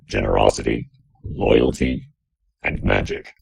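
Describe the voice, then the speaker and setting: A deep gravelly robot orb voice. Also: male voice, a little slow, darkish tone, no room sound, full character voice, low-quality recording. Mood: lecturing. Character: Watcher speaking through a hovering robot orb.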